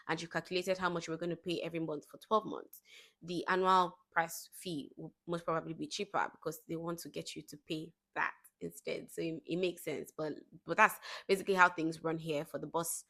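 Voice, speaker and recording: A woman's voice: lowish voice, vocal fry, pushed and bright. A young woman vlogging in a casual chat to the camera, telling stories with laughing asides. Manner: chatty storytelling with laughing asides.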